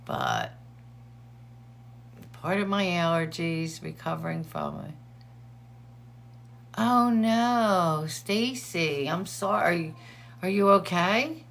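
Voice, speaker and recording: A woman's voice: fairly low pitch, big pitch swings, slow pace, creaky, long pauses, fairly bright tone. A woman hosting a casual livestream, chatting and greeting viewers by name while sharing updates, her eyes teary from allergies. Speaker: livestream host.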